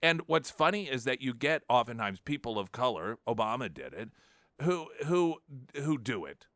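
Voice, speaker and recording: A man's voice: medium pitch, very animated, normal speed, fairly bright tone, dry recording. A male talk radio host giving sarcastic, mocking political commentary in a studio. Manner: sarcastic, mocking, with frequent restarts. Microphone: studio microphone.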